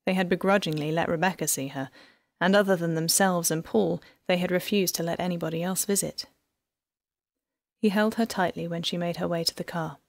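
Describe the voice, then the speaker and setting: A woman with a fairly low voice narrates an audiobook from a script in an even, measured storytelling style. The sound is studio quality with no echo.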